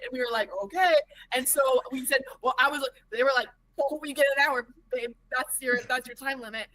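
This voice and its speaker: Young woman player, very high and bright, rambling and giggly. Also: steady tone. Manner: rambling, giggly, with rapid asides. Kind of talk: casual tabletop play.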